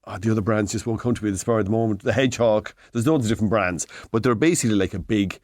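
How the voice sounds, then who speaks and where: A man's voice: on the low side, very fast, darkish tone, dry recording. A man of sixty with an Irish accent, giving home repair advice on a radio show in a rambling, self-correcting way, speaking into a studio mic. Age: 60s. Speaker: hardware expert guest.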